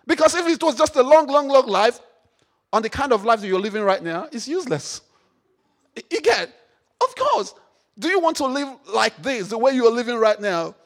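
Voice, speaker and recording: A man preaching a sermon, repeating phrases, firing questions at the congregation and rising to shouts. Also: very high voice. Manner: call-and-response, repeats phrases, rises to shouts; rhetorical questions to the audience.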